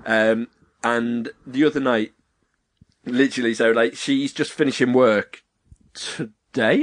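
A man's voice: medium pitch, fairly even intonation, slow, long pauses. Young guy on a podcast, rambly chat, lots of likes and ums. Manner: rambling storyteller, lots of fillers. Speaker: podcast host. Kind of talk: casual chat.

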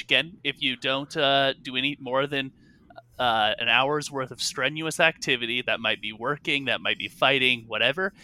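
A man's voice: mid-range voice, pushed and bright. A man narrating a tabletop game as game master, rambling with many fillers and self-corrections.

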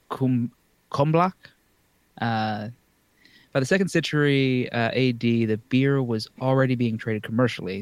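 A man's voice: mid-range voice, clean tone, no room sound. Guy cohosting a podcast, jokey, fumbles the hard words, dead dry sound. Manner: joking, stumbles over foreign words. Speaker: podcast co-host. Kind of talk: casual chat.

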